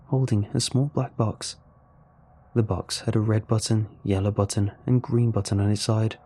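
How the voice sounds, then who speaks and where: A man narrating a first-person story in a measured, even storytelling voice. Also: fairly low pitch, husky.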